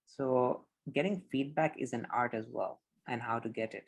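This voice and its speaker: A man giving public speaking tips on a podcast over a video call, explaining in an animated, demonstrative way. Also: mid-range voice, moderate pace. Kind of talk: instructive podcast conversation.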